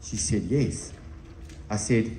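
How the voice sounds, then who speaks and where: A man's voice: on the low side, slow pace, very noisy. A man presenting on network marketing to his team, telling a story with emphatic delivery and acting out both sides of a conversation. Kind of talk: animated storytelling talk to a team. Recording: roomy recording with faint ambience.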